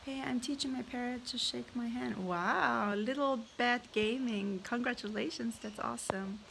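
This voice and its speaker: A woman's voice: on the high side, moderate pace, creaky, background noise. A woman with a German accent, a native German speaker from Germany, chatting casually on a live stream, reading viewer comments aloud and laughing often. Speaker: parrot vlogger hosting a live stream.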